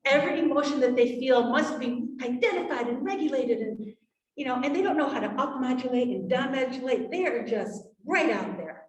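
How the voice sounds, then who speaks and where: A woman's voice: high voice, a little fast. Woman presenting to parents in a room. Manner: animated, acts out parent and child quotes. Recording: roomy, from far off.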